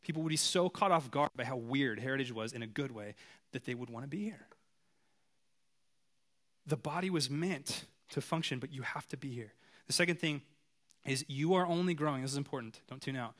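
A pastor, a man, preaching a sermon in a casual, animated, conversational way. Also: medium pitch, a little fast.

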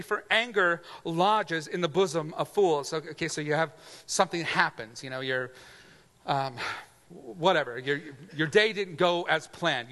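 A man preaching a sermon, animated and conversational, acting out imagined voices as he teaches. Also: big-room sound. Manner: animated, acts out imagined voices with big pitch swings. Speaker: pastor.

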